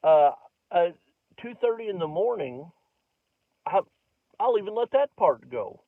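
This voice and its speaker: A man's voice: sits high, sing-song, unhurried, vocal fry, no echo. A middle-aged male comedian spins a casual, rambling story full of self-mocking detours. The sound is bone dry with no room around it, and thin and tinny like a phone line. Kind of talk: casual comic storytelling to camera. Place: home recording, not a stage.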